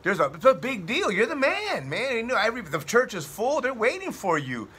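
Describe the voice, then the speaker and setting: Laid-back, generous male pastor, bright and high, as a storyteller puts him on. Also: huge pitch swings, fairly quick, breathy edge, full character voice. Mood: reassuring.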